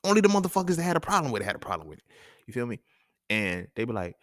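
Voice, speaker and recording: A man's voice: lowish voice, animated, quick pace, pauses often, fairly bright tone, no room sound, clean studio sound. A man hosting his own talk show, delivering a casual, profane monologue full of slang and laughter. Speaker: podcast host.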